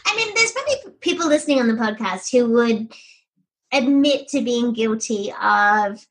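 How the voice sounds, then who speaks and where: A woman talking as a podcast guest, telling stories with lively, animated energy. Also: on the high side, normal speed, low-quality recording. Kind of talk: conversational storytelling.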